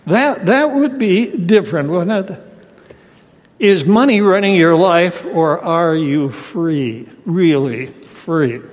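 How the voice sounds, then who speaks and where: A man preaching a sermon as pastor, praying and putting rhetorical questions to the congregation. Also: high voice. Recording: long hall reverb.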